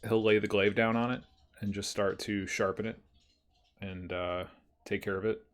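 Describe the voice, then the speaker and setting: A man's voice: lowish voice, fairly even intonation, normal speed. A man playing a tabletop game, describing his character's actions casually with many fillers. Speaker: player.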